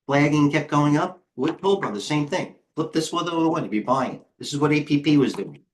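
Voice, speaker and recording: A middle-aged man hosting a live trading stream, talking fast and excitably as he flips through charts and speaks to viewers in the chat. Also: a little high, slight background noise. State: out of breath. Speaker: host and head trader.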